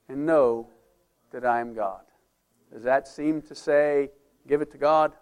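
A man's voice: mid-range voice, measured pace, pauses often, smooth. A man preaching a sermon as pastor, emphatic, with conversational asides to the congregation. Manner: emphatic preaching, rising and falling loudness.

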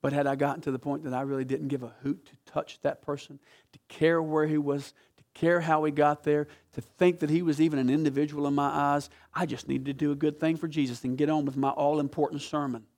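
A man preaching a sermon as pastor, telling a story with passion, swinging from loud to hushed. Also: a little high, little pitch movement, fairly quick. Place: church sanctuary.

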